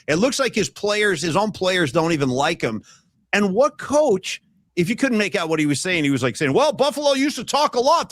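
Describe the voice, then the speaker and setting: A man hosts a casual sports podcast, acting out quotes as he tells his stories. His voice rises and falls a lot and sits a little high for a man. The sound is close and dry. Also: no echo. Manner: animated storytelling, acting out quotes. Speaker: podcast host.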